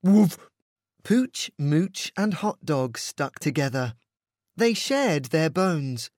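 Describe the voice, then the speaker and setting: A man reading a children's storybook aloud in an expressive, sing-song way. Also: on the high side, slow pace, dry recording, clean studio sound.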